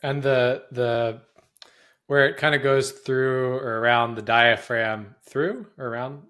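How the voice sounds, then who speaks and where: A man's voice: mid-range voice, steady tone, slow pace, fairly bright tone. Man casually asking follow-ups. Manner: casual, asks follow-up questions. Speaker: podcast co-host, exercise science professor. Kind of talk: podcast conversation.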